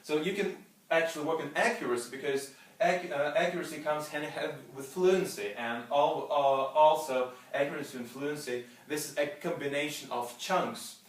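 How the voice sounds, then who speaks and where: A male lecturer explaining a topic step by step in a methodical way, often pausing with fillers and restarting phrases. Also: fairly high pitch. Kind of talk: explaining lecture on speaking fluency. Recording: roomy, mic at a distance.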